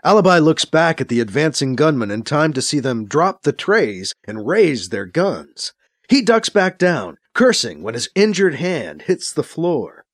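A man narrating a science fiction audiobook in a dramatic, expressive reading. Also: on the high side, measured pace, no echo, clean studio sound. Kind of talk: audiobook narration, acting out scenes.

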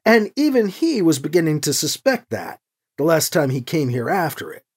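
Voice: medium pitch, sing-song, moderate pace, slightly rough. An audiobook narrator reading a story expressively and giving each character a voice. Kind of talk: scripted narration.

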